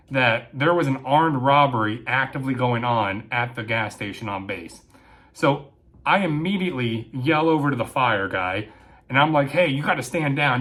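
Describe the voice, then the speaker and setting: A young man telling a story about his time in the military, chatty and animated, tagging his sentences with quick asides. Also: medium pitch. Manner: animated, with frequent "right?" and "okay?" tags. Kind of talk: casual storytelling.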